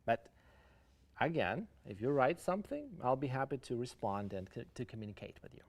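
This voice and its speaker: In a sing-song, mid-range voice at normal speed, an English teacher with a Ukrainian accent runs an online lesson. He explains idioms, switching between English and Russian, and asks viewers to answer in the chat.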